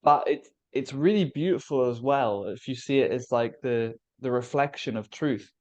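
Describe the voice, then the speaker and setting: A man talking through big spiritual ideas on a podcast, in a mid-pitched voice. He muses aloud in a loose, philosophical way and breaks into easy laughter. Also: moderate pace, highs cut off. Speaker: podcast co-host. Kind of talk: casual spiritual podcast discussion.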